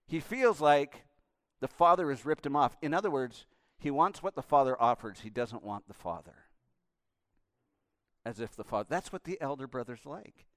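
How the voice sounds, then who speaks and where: A male pastor preaching a sermon with passion, swinging between hushed and loud passages. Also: medium pitch, animated, moderate pace, no echo, studio quality.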